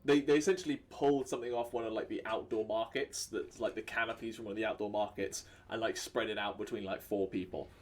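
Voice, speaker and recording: A man with a Welsh accent, narrating and running a tabletop game as dungeon master in a relaxed, rambling way full of fillers. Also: fairly low pitch, fast, few pauses, a little hiss or hum.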